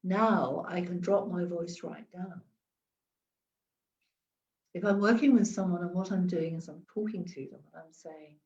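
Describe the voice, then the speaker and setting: A woman's voice: lowish voice, measured pace, long pauses, a little mellow, recorded from a distance, highs cut off. A woman giving chatty advice in a live stream, often repeating and restarting words. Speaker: wellness coach.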